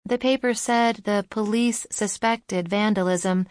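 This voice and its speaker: A woman's voice: medium pitch, fairly even intonation, a little slow, dry recording, clean studio sound, natural voice. A woman playing a determined, probing young woman. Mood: insistent. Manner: probing, insistent questioning.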